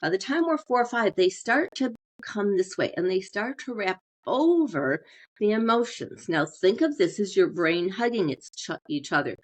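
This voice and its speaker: A middle-aged woman, a family therapist, explaining in an interview and slowing down on purpose to show how tone changes meaning. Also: mid-range voice, expressive. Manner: slows down deliberately, demonstrates tone changes. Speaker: marriage and family therapist guest.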